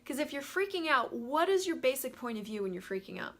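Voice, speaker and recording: A woman hosting a casual live-stream talk, animated and chatty, greeting viewers by name as she goes. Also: high-pitched, brisk. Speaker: host of a live money talk.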